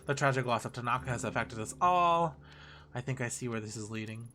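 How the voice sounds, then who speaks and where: A man voicing a weary, bitter woman detective thinking to herself in a quiet, brooding game monologue. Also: fairly quick, slight background noise, lightly acted. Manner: quiet, brooding, low-key.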